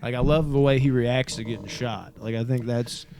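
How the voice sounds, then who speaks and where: Excited profane man recapping a film. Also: medium pitch, normal speed. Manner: excited, profane, retells scenes with acted quotes. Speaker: podcast co-host. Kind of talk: casual film discussion.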